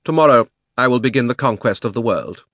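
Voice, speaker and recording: A man's voice: lowish voice, big pitch swings, a bit bright, no echo, heavily acted. A man doing a scornful, commanding witch queen. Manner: commanding, scornful, slow and deliberate. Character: cold, imperious queen and witch, woman.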